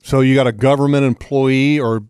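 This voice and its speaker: A man's voice: mid-range voice, steady tone, normal speed, a little mellow, clean tone, no echo. Joking male radio host, dry studio. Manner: jokey, curious, asks plain questions. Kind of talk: casual radio talk show chat.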